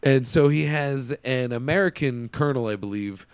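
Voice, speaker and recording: A man co-hosting a casual movie podcast, rambling and animated, laughing as he retells scenes. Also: medium pitch, moderate pace, smooth, no room sound. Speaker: podcast co-host. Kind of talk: casual movie review chat.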